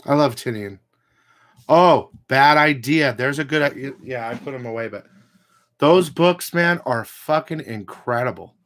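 A man's voice: medium pitch, measured pace, a bit bright. A man hosting a comic book channel, ranting casually to his viewers, blunt and profane, with rambling asides.

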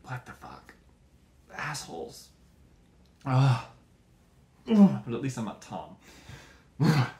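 A man's voice: medium pitch, wildly swooping pitch, takes it slowly, long pauses, dark tone, roomy sound. A young man hosting a podcast, riffing in a profane, tangent-hopping comic monologue and acting out little scenes. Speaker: podcast host. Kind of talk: rambling comedic monologue.

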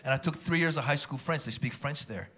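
A man performing a stand-up comedy set, animated and acting out the people in his stories. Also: on the high side, fairly quick. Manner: animated, acts out characters. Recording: live stage recording with a loud audience. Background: loud audience laughter.

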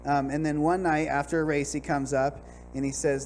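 A man tells a testimony at a church service, acting out the prayers he said as he goes. His voice sits a bit high for a man. A faint hum runs under the recording. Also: moderate pace. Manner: animated storytelling, acts out his prayers. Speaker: guest sharing a testimony.

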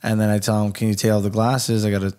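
A man's voice: fairly low pitch, quick pace. Californian guy on a podcast, telling a wild story, swears a ton, does everyone's lines. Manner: animated, swears a lot, acts out quotes. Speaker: podcast guest, barber. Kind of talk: casual storytelling chat.

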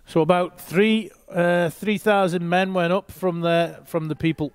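Guy reading the bible and chatting about it, kinda high voice, dry room. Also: steady tone, a little slow, clear, resonant tone, no room sound. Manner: reads aloud with short asides to listeners. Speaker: Bible teacher. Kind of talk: reading scripture and teaching.

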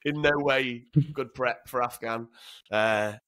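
A man's voice: mid-range voice, slow, pushed and bright. A man, telling frank, swear-laden stories as an interview guest, often repeating words as he starts. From Northern England. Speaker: guest, former commando. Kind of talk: casual interview storytelling.

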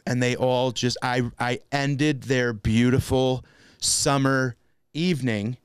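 A man hosting a casual comedy podcast, telling a self-deprecating story with lively energy and acted-out outbursts. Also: medium pitch, takes it slowly, clean tone, no room sound, clean studio sound. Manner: animated, self-deprecating storyteller, acts out his own shouts. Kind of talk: casual chat.

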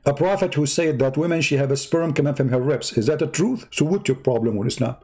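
A man hosting a live-stream debate, talking in a sarcastic, mocking, drawn-out way. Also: fairly high pitch, mellow, husky.

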